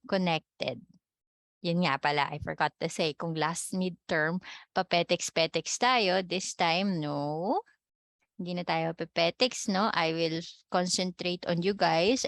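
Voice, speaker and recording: A Filipino woman teaches Spanish online. She talks slowly and patiently, mixing English with Tagalog and ending her phrases with a questioning "no?". Her voice sounds dry and close, with no room around it. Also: on the low side, no echo. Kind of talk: online class lecture. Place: online video class.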